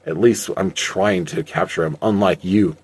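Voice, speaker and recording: A smug, boastful villain who schemes out loud and brushes off every insult, low in pitch, as a man reads him in his own voice. He sounds like a character in an amateur storybook reading. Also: normal speed, breathy edge.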